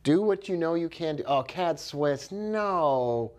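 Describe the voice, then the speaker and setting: A man's voice: on the high side, expressive, slow pace. A man giving live trading commentary, thinking aloud with upbeat exclamations and talking to viewers by name. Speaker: forex trader.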